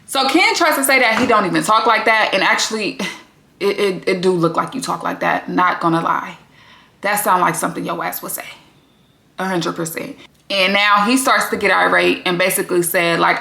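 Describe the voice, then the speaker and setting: A woman's voice: lowish voice, moderate pace, vocal fry, bright, forceful tone, echoey room. A woman giving a blunt, sassy, casual recap commentary and swearing freely. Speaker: recap vlogger.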